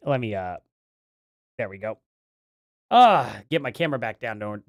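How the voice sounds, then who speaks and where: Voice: mid-range voice, lively intonation, normal speed, long pauses, no room sound, clean studio sound. A streamer giving live commentary on a debate, rambling and jokey, then getting heated in rants.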